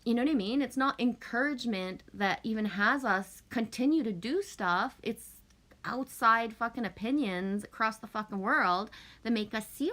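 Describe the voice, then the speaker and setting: A woman's voice: a little high, fairly bright tone. Woman, livestream host, casual venting, frequent swearing, emphatic. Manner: swears often, emphatic, rambling.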